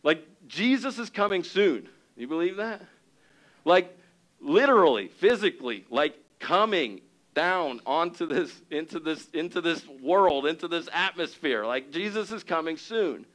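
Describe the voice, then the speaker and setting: A man preaching to a congregation with a fairly high-pitched voice. He is animated, acting out little scenes with excited raised tones before falling quieter for earnest points. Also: unhurried, rough recording. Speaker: pastor. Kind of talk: sermon.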